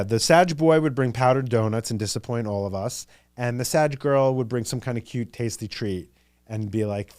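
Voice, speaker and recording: A man's voice: medium pitch, dry recording, clean studio sound. A man in his thirties with a New York accent, hosting a casual solo podcast, gossipy and chatty, jumping between ideas and acting out quotes. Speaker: podcast host.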